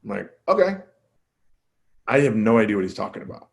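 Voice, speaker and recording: A man's voice: brisk, gravelly. A male comedian telling a story as a podcast guest, casual and self-deprecating, acting out quoted dialogue with his voice jumping up and down. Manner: animated, acts out quoted dialogue with jumps in pitch.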